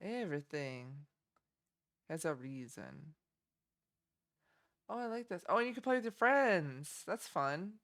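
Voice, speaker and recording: Young female streamer, lower-pitched, relaxed giggly reaction chat. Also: a little slow, long pauses. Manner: chatty, giggly, easily delighted. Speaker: streamer reacting to game trailers.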